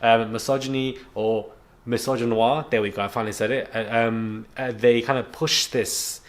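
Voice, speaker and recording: A man's voice: medium pitch, steady tone, normal speed. A young man ranting to camera at home, frank and indignant, rambling with restarts and a self-described stutter. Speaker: YouTube commentator. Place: home on a rainy day.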